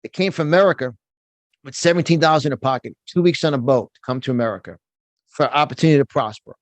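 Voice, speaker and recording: A motivational speaker in a guest interview, a man with a fairly high voice and a fired-up, emphatic delivery that keeps doubling back on his words. He talks from his home studio, and the sound is dry and close. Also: quick pace, no room sound. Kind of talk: animated interview talk.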